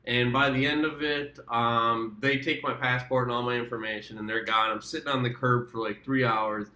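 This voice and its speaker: A man from the United States rambles through a travel story in a loose vlog style, swearing freely and stopping to correct himself. His voice is bright and forward. The room around him adds a roomy echo. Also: mid-range voice, steady tone, moderate pace. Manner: rambling, profane, self-correcting. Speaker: travel vlogger. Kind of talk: casual storytelling.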